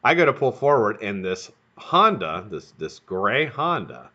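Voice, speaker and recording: A man's voice: on the low side, sing-song, a little slow, pushed and bright. A man hosting a live stream, telling a rambling, profane story in a casual way. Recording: dull lo-fi stream audio.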